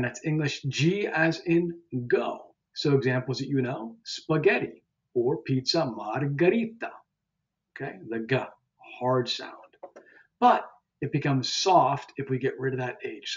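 A man teaching pronunciation in a relaxed, conversational way, pausing on fillers and correcting himself as he goes. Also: medium pitch, highs cut off. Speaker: language teacher. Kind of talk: explaining pronunciation.

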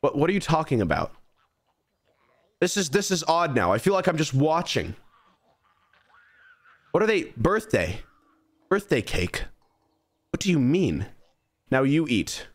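A man's voice: on the high side, very animated, measured pace, long pauses. A young man streaming a game, animatedly bossing his creatures around as he plays. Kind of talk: live gameplay commentary.

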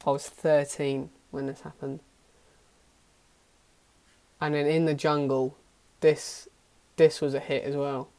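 A man's voice: on the high side, little pitch movement, slow, long pauses, warm tone. A young man giving casual, self-mocking reaction commentary on his old videos, swearing often. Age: young adult. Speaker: YouTuber.

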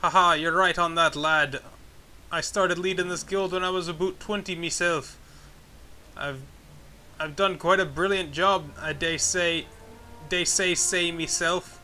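A boastful, bumbling thieves' guild boss from a video game, tripping over his own words and old-fashioned sayings, as a man reads him aloud. The voice sits a little high and sounds very bright and sharp, with faint game music underneath. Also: steady tone, measured pace. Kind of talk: reading game dialogue aloud.

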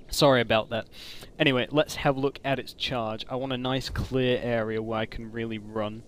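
A man giving casual commentary on a game mod, excitable and gushing, with frequent exclamations. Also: medium pitch, normal speed, slight background noise. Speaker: gaming commentator.

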